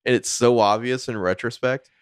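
A man's voice: mid-range voice, fairly even intonation, normal speed, clean tone, no room sound, studio quality. A man co-hosting a podcast in laid-back casual chat. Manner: laid-back, laughing along. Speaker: podcast co-host.

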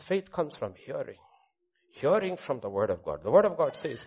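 Gravelly preacher man, loud then hushed. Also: medium pitch, sing-song, moderate pace. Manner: dramatic swings between loud proclamation and hushed asides. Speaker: pastor. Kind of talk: sermon with personal testimony.

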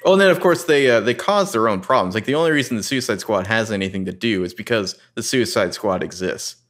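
A man's voice: on the low side, animated, fast, a bit bright. Exasperated man in casual chat. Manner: incredulous, exasperated and profane.

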